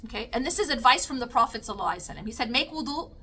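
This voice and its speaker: A woman's voice: a little high, lively intonation, rapid-fire, sharp tone, slight background noise. A woman giving a lecture to a live audience, often checking in with the room by asking them questions. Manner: engaging, asks the audience frequent questions.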